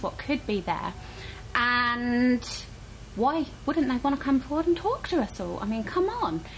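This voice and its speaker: A woman hosting her weekly paranormal vlog, chatty and animated, throwing out rhetorical questions. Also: a little high, slight background noise, poor audio. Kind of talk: casual chat to camera.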